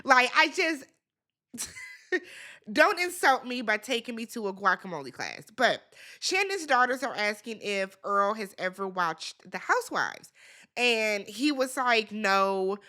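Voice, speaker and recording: A woman's voice: a little high, very animated, a little slow, sharp tone. A woman recapping a reality dating show in a casual, sassy way, talking back to the people on screen. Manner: chatty, with laughs and filler words.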